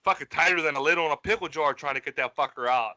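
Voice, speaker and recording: A man co-hosting a podcast, telling a story in a casual, animated and heavily profane way, laughing as he goes. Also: a little high, fast talker. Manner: profane, animated, laughs through his stories. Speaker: podcast co-host.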